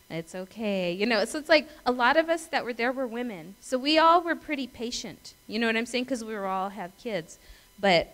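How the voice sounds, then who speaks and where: A woman's voice: medium pitch, a bit bright, poor audio. A middle-aged woman pastor giving a conversational sermon, telling stories, laughing and asking her congregation questions. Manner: chatty storytelling, asks the congregation questions.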